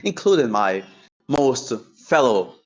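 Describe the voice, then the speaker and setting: A man's voice: mid-range voice, very animated, slow pace. A man debating heatedly in an online voice chat. He swears freely and trash-talks his opponent while laying out his points step by step. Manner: combative, profane trash talk.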